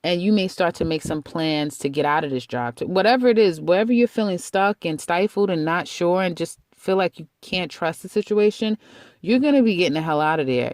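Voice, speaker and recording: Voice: medium pitch, a little mellow, no room sound, clean studio sound. A tarot reader giving a casual monthly reading in a chatty, rambling way, blunt and laughing at their own remarks.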